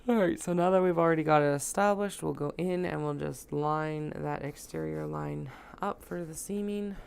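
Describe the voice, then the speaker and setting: A woman's voice: sits low, normal speed, vocal fry, darkish tone, clean tone. A woman talking casually as she sews, joking and chatting to herself while she works in a home sewing room. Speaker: sewing vlogger.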